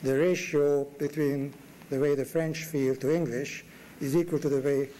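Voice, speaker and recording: A man's voice: on the high side, fairly even intonation, moderate pace, dark tone, slight background noise, rough recording. A man giving a classroom lecture as guest lecturer in a university lecture room, with dry wit and emphatic rises.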